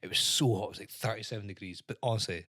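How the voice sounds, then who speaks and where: A man's voice: on the low side, rapid-fire, bright, forceful tone, no echo, clean studio sound. A man with a Scottish accent, co-hosting a podcast and telling a long holiday story in casual chat, swearing and acting out other people's voices. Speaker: podcast co-host.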